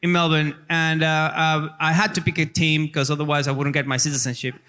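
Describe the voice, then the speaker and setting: A man telling animated comedic stories on a live panel, shouting his punchlines. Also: fairly high pitch, fairly quick, big-room sound, background noise. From Venezuela. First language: Spanish. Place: festival stage with live audience.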